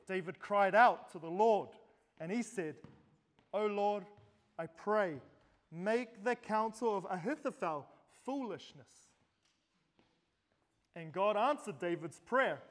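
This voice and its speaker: A man preaching a sermon, speaking straight to the congregation and posing rhetorical questions. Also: very high-pitched. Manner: addresses listeners directly with rhetorical questions. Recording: long hall reverb.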